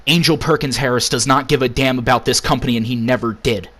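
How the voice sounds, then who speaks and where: A man rants sarcastically through an in-character wrestling promo, swearing at nearly every turn. His voice sits at an ordinary middle pitch. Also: steady tone, fast talker, few pauses, fairly bright tone. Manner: profane, ranting, sarcastic.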